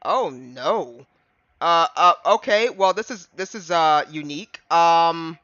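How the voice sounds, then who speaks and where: A man's voice: fairly high pitch, expressive, slow pace, sharp tone, no room sound, lo-fi sound. A man streaming a game live, chatting casually and rambling to his chat between fits of giggles.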